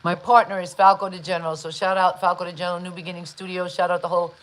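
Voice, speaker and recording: A woman hosting a live online interview, chatty and enthusiastic, with many shout-outs. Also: fairly low pitch, level tone, quick pace, rough recording. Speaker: interview host.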